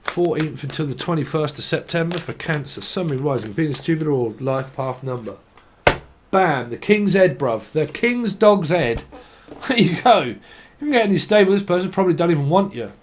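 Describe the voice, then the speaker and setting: A man's voice: a little high, big pitch swings, normal speed, background noise. A man giving a tarot reading, rambling stream-of-consciousness style, swearing freely and laughing at himself. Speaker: tarot reader.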